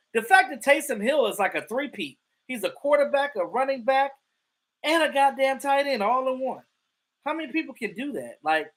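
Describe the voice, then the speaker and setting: A man with a notably high speaking voice hosts a casual football livestream. He talks in a loose, animated way, full of profanity and trash talk. He stammers and restarts his sentences often. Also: rough recording. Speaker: livestream host.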